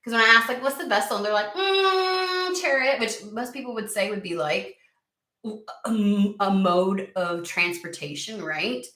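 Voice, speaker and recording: A woman giving a casual tarot reading, excitable and profane, who argues back at the cards she draws. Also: medium pitch, normal speed, reverberant, far from the mic. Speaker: tarot reader.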